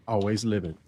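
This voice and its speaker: A man's voice: on the low side, dark tone, a little hiss or hum. A man streaming a video game, chatting casually, joking and laughing often as he reads chat messages aloud.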